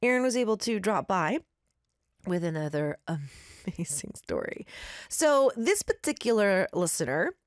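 A woman's voice: medium pitch, sing-song, a little slow, no echo, studio quality. A woman hosting a radio show who chats enthusiastically with listeners and reads their stories. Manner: chatty, enthusiastic, warmly grateful. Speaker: radio host.

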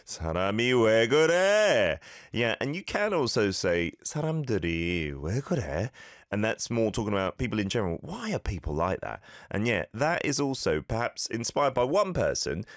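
A man's voice: sits low, no room sound, clean studio sound. A man hosting a casual language-lesson podcast, chatty and playful, repeating phrases aloud to model them. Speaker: podcast host teaching Korean.

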